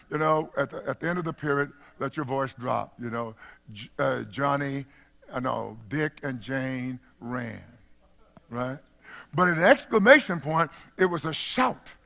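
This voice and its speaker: Older male pastor preaching, bright high voice. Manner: swings from hushed asides to shouted exclamations; folksy, repeats phrases, chuckles. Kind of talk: sermon.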